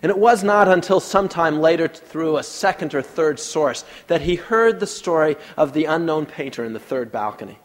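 A man preaching a sermon, leading a prayer and telling a story, swinging from loud to hushed. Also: fairly high pitch, animated, moderate pace, few pauses. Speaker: pastor. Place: church sanctuary. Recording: long reverb of a large hall.

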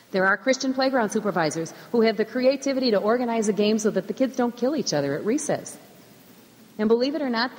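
A middle-aged woman who teaches school, giving a measured, earnest personal faith testimony in a church. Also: mid-range voice, darkish tone. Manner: earnest, measured, emphatic repetitions. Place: church sanctuary. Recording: long church hall reverb.

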